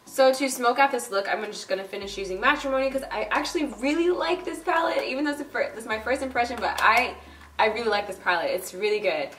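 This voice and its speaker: A woman's voice: fairly high pitch, fast, fairly bright tone, far from the mic, a little hiss or hum. A young woman talking casually through a makeup tutorial, chatty and bubbly, with lots of fillers. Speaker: beauty vlogger. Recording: roomy echo, a bit off-mic. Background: faint background music.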